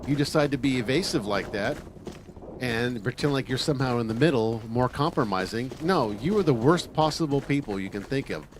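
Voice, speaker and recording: A man speaks in an ordinary mid-range voice, ranting bluntly and combatively on his own livestream. He swears freely and hammers his points with repetition. A steady noise sits clearly under his voice throughout the recording. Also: medium pitch, a little fast. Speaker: livestream host. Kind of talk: political commentary monologue. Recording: noisy livestream audio.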